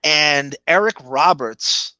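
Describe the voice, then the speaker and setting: This man speaks with a Long Island accent and a bright, forceful tone as he co-hosts a podcast. He rambles along and chuckles as he goes. His voice is recorded dry and close, with no room echo. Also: a little high. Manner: rambling, chuckling, slips into quick impressions. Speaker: podcast co-host. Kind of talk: casual commentary chat.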